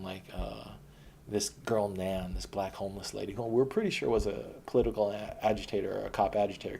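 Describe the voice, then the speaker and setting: A man's voice: fairly low pitch, vocal fry, warm tone, a little hiss or hum. A man reads his old posts aloud and comments on them in a rambling, blunt and profane way. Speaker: former protester recounting his past.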